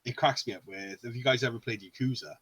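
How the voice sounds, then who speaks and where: A man's voice: mid-range voice, fast, fairly bright tone, breathy edge, dry recording. A man from the UK co-hosting a casual podcast, swearing freely, laughing and often slipping into comic put-on voices. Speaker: podcast co-host.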